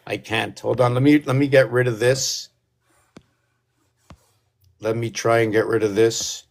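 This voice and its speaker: Man, mid-pitched voice, rambling monologue, stream of consciousness, restarts and asides. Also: steady tone, measured pace, gravelly. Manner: talks in a coaxing way to his cat. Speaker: video creator. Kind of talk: rambling solo monologue to camera.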